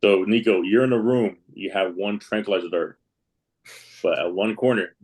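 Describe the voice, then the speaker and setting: A man's voice: lowish voice, moderate pace, darkish tone, rough recording. A man hosting a podcast in a loose, casual way, swearing freely and ribbing his guest. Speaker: podcast host.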